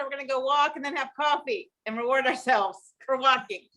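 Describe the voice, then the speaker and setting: A woman hosting a live stream, her voice pitched high. She sounds enthusiastic, keeps turning to her viewers with questions, and sums up the guest's points. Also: fairly quick, pushed and bright. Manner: enthusiastic, asks the audience questions. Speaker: host.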